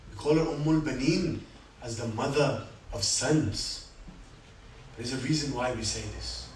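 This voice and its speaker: A man giving a sermon at a religious gathering, telling stories with dramatic rises and soft, quiet reflections. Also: mid-range voice, measured pace. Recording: echoey hall, speaker far from mic, faint room noise.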